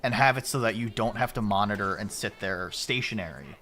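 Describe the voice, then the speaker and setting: A man's voice: fairly low pitch, fairly quick, slight background noise. A male streamer chatting casually and joking while playing a game with a friend. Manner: joking, excitable, swears. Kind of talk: casual gaming chat.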